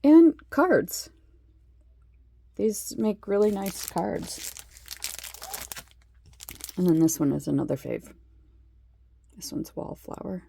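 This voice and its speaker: A woman's voice: fairly low pitch, very animated, takes it slowly, gravelly, long pauses, warm tone, a little hiss or hum. A middle-aged woman in a casual craft show-and-tell, chatting with lots of fillers and admiring asides. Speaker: craft vlogger.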